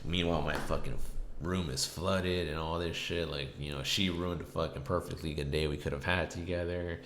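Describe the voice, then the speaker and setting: Speaking at normal speed in a low, somewhat bright voice with fairly even intonation, a podcast host tells a casual story. His telling rambles with profanity and constant fillers, recorded in an echoey room with faint noise.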